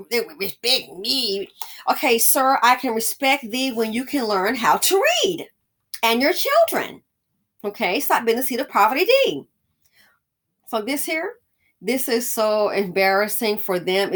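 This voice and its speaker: A woman hosting her own commentary channel, ranting in a sarcastic, scolding and emphatic way. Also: mid-range voice.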